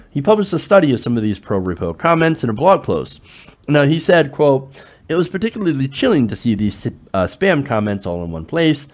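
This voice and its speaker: A man hosting political commentary, arguing with rhetorical questions and sarcastic asides. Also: medium pitch. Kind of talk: direct-to-camera political commentary.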